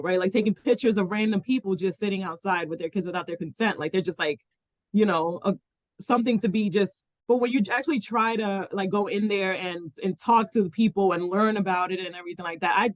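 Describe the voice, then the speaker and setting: A woman from the Dominican Republic co-hosts a casual podcast chat, rambling with lots of restarts and "like" fillers. She has a medium-pitched voice, talks fairly quickly, and there is no room sound.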